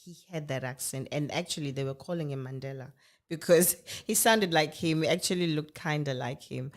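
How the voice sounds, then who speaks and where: A middle-aged South African woman whose first language is Zulu, co-hosting a podcast in lively, emphatic chat and story. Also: sits low, moderate pace. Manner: animated storyteller, laughs often, emphatic agreement. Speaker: podcast co-host. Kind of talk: casual chat. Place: podcast recording in Britain.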